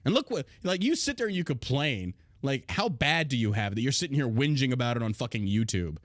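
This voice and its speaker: Animated and fairly quick, with few pauses, this medium-pitched podcast host sounds clean and studio-recorded with no room sound. His casual rant mixes reading history aloud with crude mockery and frequent swearing.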